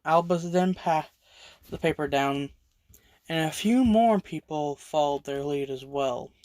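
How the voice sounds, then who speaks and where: A storyteller narrating an original fan story over speedpaints, halting with frequent restarts and self-corrections. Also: medium pitch, a little mellow, no room sound.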